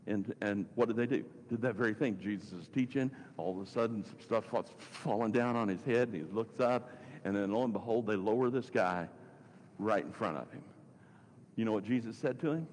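A man's voice: on the low side, fairly quick. Man preaching in a reverberant hall. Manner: conversational preaching with sudden swings between loud and hushed; repeats phrases for emphasis. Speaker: pastor. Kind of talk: sermon. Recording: long reverb, faint background noise.

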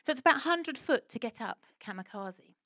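A woman preaching a sermon and telling a lively personal story, acting out what people said. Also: high voice, brisk, no echo. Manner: animated storytelling, acts out quoted voices.

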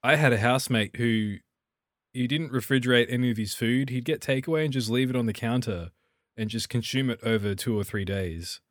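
A man's voice: mid-range voice, no echo, studio quality. A young man chatting casually and joking with friends on a podcast. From Australia. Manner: joking, does quick silly voices. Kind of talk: casual chat.

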